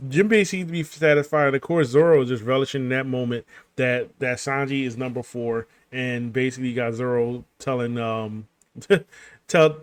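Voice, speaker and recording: A man at an ordinary middle pitch runs through a comic chapter in an easygoing spoken recap. He fills the gaps with fillers, restarts his sentences and laughs softly to himself. The recording is dry, with no room sound at all. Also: moderate pace, smooth, dry recording. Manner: rambling, filler-heavy, frequent restarts and chuckles. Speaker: gaming channel host recapping a manga chapter. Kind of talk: casual spoken recap over gameplay.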